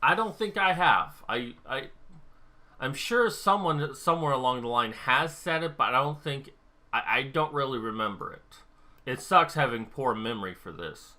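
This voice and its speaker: A man's voice: medium pitch, animated, normal speed, pushed and bright. A young adult man vlogging casually, rambling and thinking aloud as he talks straight to the camera. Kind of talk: casual talk-to-camera monologue.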